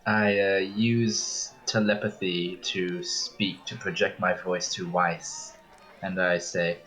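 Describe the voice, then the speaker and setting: A man's voice: deep voice, little pitch movement, slow pace, a bit bright, faint music behind, poor audio. A man playing a tabletop game, hesitantly narrating his character. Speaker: player. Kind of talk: casual role-play narration.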